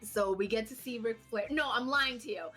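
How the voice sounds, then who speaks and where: A woman co-hosting a podcast who tells a story in a casual, animated way, swearing freely and poking fun at herself. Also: fairly high pitch, normal speed, soft background music. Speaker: podcast co-host.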